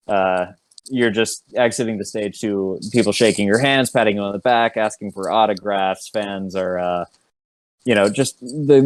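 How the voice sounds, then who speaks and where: A man narrating as game master of an online tabletop game, relaxed, with many fillers and laughing asides. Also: on the low side, no room sound.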